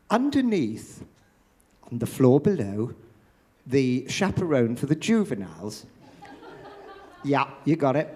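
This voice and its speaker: Animated older Englishman telling theatre stories. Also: on the high side. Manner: animated storyteller, acts out quoted voices. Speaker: pantomime dame performer, interviewee. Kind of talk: anecdotal theatre interview. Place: theatre after a show.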